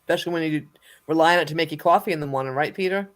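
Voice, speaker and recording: A man with a slightly high voice chats casually, laughing often and dropping short reactions. He speaks as a co-host on a livestream. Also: rapid-fire, fairly bright tone. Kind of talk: casual chat.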